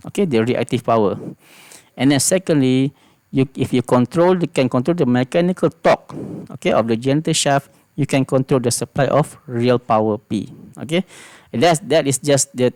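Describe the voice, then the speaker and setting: A man's voice: medium pitch, gravelly, darkish tone, no room sound. A man with a Malaysian English accent giving a recorded engineering lecture, explaining patiently and repeating key phrases with frequent "okay" checks.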